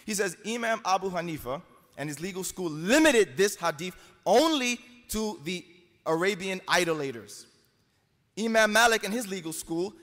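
Emphatic high-voiced man debating in a hall. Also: fairly bright tone. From United States. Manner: emphatic, argumentative, quotes scripture. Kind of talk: live debate speech. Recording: long hall reverb.

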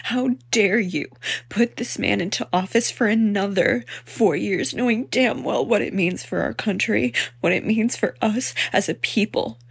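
A woman of twenty-one ranting in distress to camera, with a husky, gravelly voice. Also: mid-range voice, moderate pace, few pauses, no room sound. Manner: crying and laughing, distraught. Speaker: reaction clip poster. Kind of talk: emotional rant to camera.

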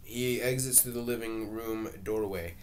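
A man's voice: lowish voice, steady tone, a little slow, darkish tone, slight background noise. Man reading stage directions plainly. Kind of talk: reading a play aloud.

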